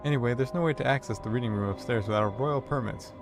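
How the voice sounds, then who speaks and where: A man's voice: mid-range voice, quick pace, over music, natural voice. A man voicing a fussy, prim older female librarian who sweetly evades questions and calls people dearie, in a narrated text game. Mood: coy.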